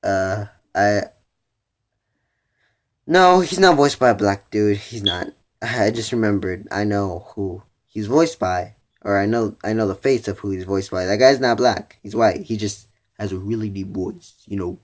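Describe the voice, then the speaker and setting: A man's voice: lowish voice, unhurried. A teenage boy in a casual video review, rambling with many "you know"s and "like"s, restarting his sentences as he thinks aloud. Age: teens. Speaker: vlogger reviewing a cartoon episode.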